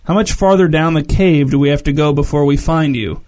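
Man doing a brash bossy king, slightly high voice, storybook style. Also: a little fast, a little mellow, lightly acted. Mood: commanding.

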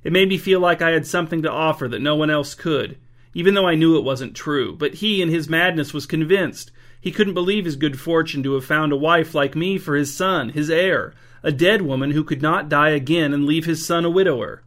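A man's voice: on the high side, a little fast, fairly bright tone, voice pushed up, close to an everyday voice. A man voicing a dry, blunt adult queen who sounds unimpressed, in a storybook reading.

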